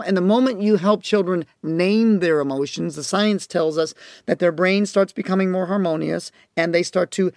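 A man's voice: sits high, dry recording, studio quality. A man speaking about parenting, telling stories earnestly and with emphasis, and acting out the parents and children in them. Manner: acts out quoted parents and children in his stories; earnest, emphatic, slows down on key points. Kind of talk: storytelling talk to a listener.

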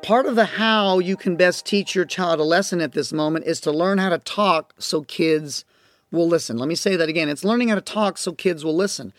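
A man's voice: sits high, fairly quick, no echo. A man teaching parents as a coach, talking emphatically and repeating his key phrases. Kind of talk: instructional talk to parents.

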